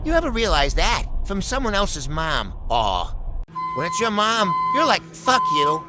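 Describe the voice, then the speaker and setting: A man's voice: sits high, sing-song, unhurried, music in the background. A man doing stand-up, telling a crude, profane story and acting out the people in it. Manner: crude, profane, story told with act-outs. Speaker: stand-up comedian.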